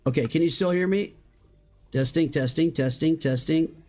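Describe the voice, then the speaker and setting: A streamer chatting live over gameplay in slangy, excitable talk that breaks into high shouts and exclamations. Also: moderate pace, soft background music. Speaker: Minecraft streamer.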